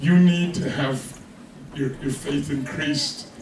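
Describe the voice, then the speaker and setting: A man's voice: on the high side, steady tone, slow, background noise. A man preaching a sermon as pastor, conversational and joking, often checking in with his congregation. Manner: conversational, joking, keeps asking "you with me?". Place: church hall with congregation. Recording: echoey hall from far off, congregation.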